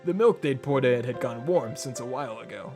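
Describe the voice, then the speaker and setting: A man's voice: medium pitch, expressive, brisk, music in the background. A man reading a visual novel aloud to friends, laughing and swearing between lines. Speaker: reader voicing a visual novel.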